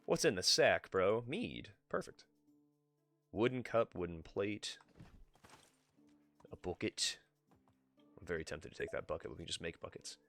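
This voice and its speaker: A male live streamer talks through his game in a bright, forward voice that leaps around in pitch. He swears freely and chats with his viewers. Faint game music plays underneath. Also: big pitch swings, measured pace, long pauses. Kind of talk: live gameplay commentary.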